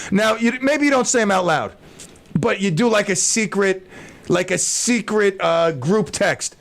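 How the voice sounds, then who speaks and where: A man's voice: high-pitched, expressive, normal speed. A man hosting a talk radio show, rambling in a casual monologue with stammers, restarts and jokes.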